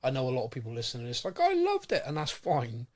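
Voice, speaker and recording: Man, podcast co-host, casual rambling chat, restarts sentences, mid-pitched. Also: steady tone, very fast. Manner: rambling, repeats words when starting sentences.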